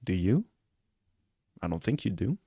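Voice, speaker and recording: A man's voice: low voice, very animated, unhurried, vocal fry, warm tone, slightly rough, no echo, studio quality. A man chatting casually on a live stream, earnest and rambling, often checking in with "you know what I'm saying?". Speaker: streamer reacting to a clip.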